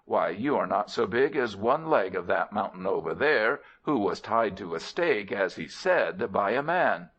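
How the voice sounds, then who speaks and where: A man's voice: lowish voice, very animated, measured pace, hardly any pauses, fairly bright tone, heavily acted. A man voicing a young male lion who talks in a polite, eager, curious way. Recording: dull lo-fi recording.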